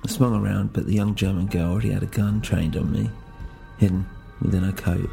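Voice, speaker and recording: A man's voice: low voice, fairly even intonation, fairly quick, vocal fry, dark tone, soft background music. A man narrating a first-person audio drama in a brooding, introspective way.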